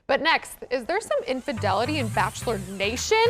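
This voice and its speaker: Bright upbeat female co-host. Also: a little high, very animated, a little fast, soft background music. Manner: upbeat, laughs easily. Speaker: talk show co-host. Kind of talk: reading show segments and banter.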